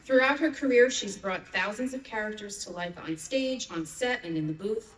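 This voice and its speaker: A woman's voice: mid-range voice, moderate pace, noisy background. Woman moderating a panel in an echoey hall. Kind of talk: reading guest introductions at a convention panel. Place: large convention panel room. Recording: echoey hall, mic heard from a distance.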